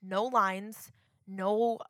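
A woman's voice: medium pitch, fairly even intonation, extremely slow, dry recording, studio quality. A woman from Florida co-hosting a casual podcast chat, talking freely with lots of "like" fillers. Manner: chatty, filler-heavy, lots of "like". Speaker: podcast co-host.

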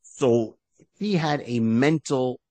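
A man co-hosting a podcast, casually retelling a comic book story in an animated way and slipping into short character voices. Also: medium pitch, slow pace, dry recording. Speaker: podcast co-host.

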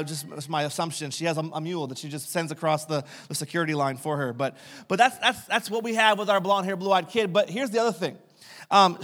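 A pastor telling funny family stories in a sermon, recorded in a church sanctuary. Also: male voice, high-pitched, a bit bright. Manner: humorous anecdotal storytelling.

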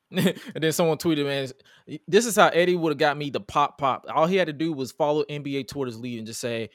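A man with a fairly high voice co-hosts a casual wrestling podcast, talking in a lively, profane way and acting out the quotes he retells. The sound is dry and close to the mic. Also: normal speed, long pauses, no room sound. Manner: animated, profane, acts out quotes. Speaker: podcast co-host.

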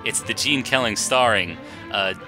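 A man's voice: lowish voice, moderate pace, over music. A man co-hosting a podcast, chatting casually with a mocking, sarcastic edge and frequent laughter. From Boston area. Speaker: podcast co-host. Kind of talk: casual chat.

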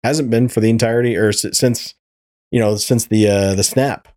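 A man's voice: lowish voice, fairly even intonation, normal speed, darkish tone. A man hosting a podcast, ranting in casual chat, swearing freely and stumbling over repeated words. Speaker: podcast host.

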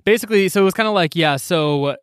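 Man, slightly high voice, dry close sound, slangy, lots of "like" fillers, casual story recap. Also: fast talker, fairly bright tone, clean tone, no echo.

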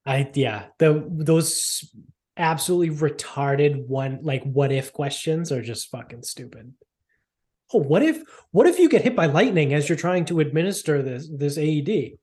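Man, slightly higher voice, casual chat, laid-back, blunt remarks. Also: expressive, normal speed, a little mellow.

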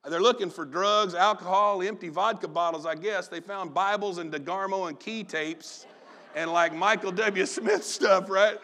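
A man preaching with a high, bright voice. He tells a story from his youth in a lively way, acting out the people in it. His delivery is animated and conversational. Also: moderate pace. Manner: storytelling, animated, acts out family members. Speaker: pastor. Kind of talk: sermon with personal story.

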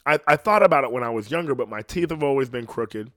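A man with a slight lisp hosts his own podcast, delivering a casual, rambling solo monologue packed with swearing. His mid-range voice is animated, quick, and fairly bright. The recording is studio quality with no echo.

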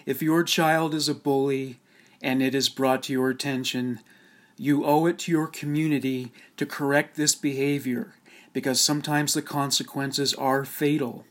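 A man reading a scripted documentary narration in a steady, measured, solemn way. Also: medium pitch.

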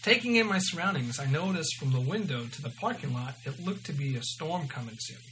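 A man's voice: on the high side, expressive, brisk, fairly bright tone, slight background noise, low-quality recording. A man casually reading his own story aloud, often stumbling and correcting himself, with an amused manner.

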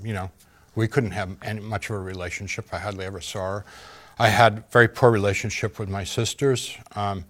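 A man giving an earnest, halting personal testimony in an interview, pausing often and using fillers. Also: fairly low pitch, a bit bright. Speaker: interview guest.

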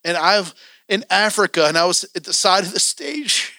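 High-voiced impassioned male preacher. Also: animated, moderate pace, bright, forceful tone, no echo, studio quality. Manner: impassioned, urging the congregation. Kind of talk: sermon. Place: church.

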